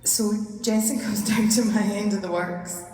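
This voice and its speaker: A woman's voice: mid-range voice, fairly even intonation, moderate pace, recorded from a distance, music in the background. Chatty Scottish woman in an echoey hall. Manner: chatty, rambling, laughs often. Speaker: actor as panel guest. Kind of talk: convention panel storytelling. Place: large convention hall. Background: hall ambience and noise.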